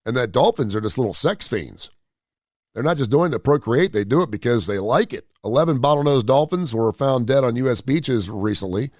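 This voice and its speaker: A man's voice: mid-range voice, dry recording, studio quality. A man hosting a live radio show, ranting bluntly with crude humor. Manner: blunt, opinionated, animated rants with crude humor. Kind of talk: casual live-stream monologue.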